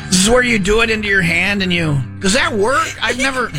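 A man's voice: high voice, animated, brisk, music in the background. A man hosting a morning radio show, chatting casually and telling jokes, acting out the voices in his stories. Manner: jokey storyteller, acts out voices in anecdotes.

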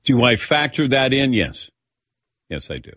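A man's voice: medium pitch, sing-song, a little slow, fairly bright tone. A man hosting a sports talk radio show, teasing his co-workers in casual banter.

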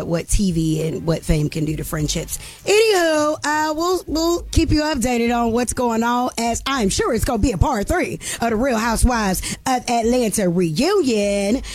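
A woman's voice: lowish voice, darkish tone, no echo. A woman hosting a radio show, chatting casually about entertainment news with many fillers.

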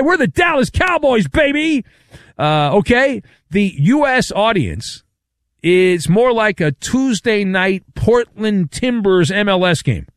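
A man's voice: a little high, no room sound, clean studio sound. A man hosting a sports talk radio show, delivering a sarcastic, wisecracking monologue.

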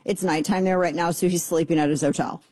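A middle-aged woman hosting a political talk radio show, sarcastic and exasperated with quick asides. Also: on the low side, fairly even intonation, darkish tone, no echo.

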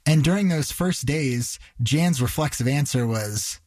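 A man's voice: mid-range voice, lively intonation, a little slow, darkish tone, dry recording. A male reporter retelling a story in a conversational, vivid way. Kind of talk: narrated news storytelling.

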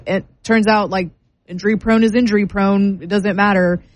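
A woman on a casual sports talk show, sounding exasperated and sardonic about her team. She reels off numbers in a brisk, fed-up way, at a mid-range pitch. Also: little pitch movement, dry recording, poor audio. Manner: exasperated and sardonic, reading stats aloud.

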